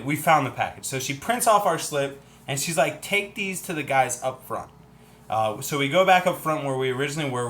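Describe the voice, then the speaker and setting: Man, livestream host, casual storytelling, chatty, animated, mid-pitched voice. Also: slight background noise. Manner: animated, chatty, acts out other people's lines.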